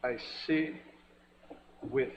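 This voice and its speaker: A man with a Belizean accent giving a formal, measured speech in a senate chamber, stressing each point. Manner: measured, emphatic, repeats formal address. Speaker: senator presenting a resolution. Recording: lo-fi recording with long hall reverb and faint noise.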